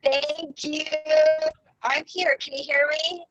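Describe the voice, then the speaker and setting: A woman in her forties joining a call from her car, chatty and quick to laugh. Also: sits high, fairly even intonation, pushed and bright, dull audio, soft background music. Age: 40s. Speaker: retreat participant. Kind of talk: casual chat on a call.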